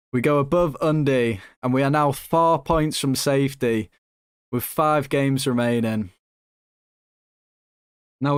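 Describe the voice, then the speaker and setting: A young man commentating his own football management game, excitable and swinging between nervous hush and loud joy, swearing now and then. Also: medium pitch, clean tone, no echo, clean studio sound. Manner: excitable, swings from hushed nerves to shouting joy. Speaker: gaming YouTuber.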